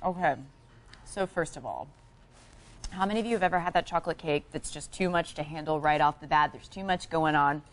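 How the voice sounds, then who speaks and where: A woman's voice: low voice, a little fast. A woman hosting a live shopping channel, talking in a bubbly, upbeat selling patter. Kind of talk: live home shopping presentation.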